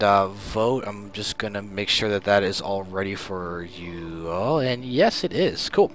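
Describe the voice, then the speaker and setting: A young man casting a live strategy game match as stream host, excitable and prone to loud bursts at big plays. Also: lowish voice, measured pace, few pauses. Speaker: esports caster and stream host. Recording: faint background noise.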